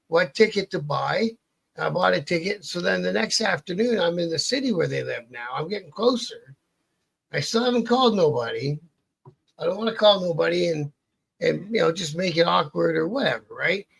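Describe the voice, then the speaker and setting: A man's voice: sits high, creaky, slightly rough. A man telling a long story in an interview, rambling and swearing, restarting his sentences often. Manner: rambling, profane, restarts a lot. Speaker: interview guest. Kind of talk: casual storytelling.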